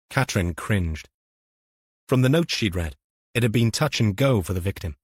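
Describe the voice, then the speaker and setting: A man narrating a police novel in a measured, even storytelling manner. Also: fairly low pitch, slightly rough, dry recording, clean studio sound. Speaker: audiobook narrator. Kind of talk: scripted narration.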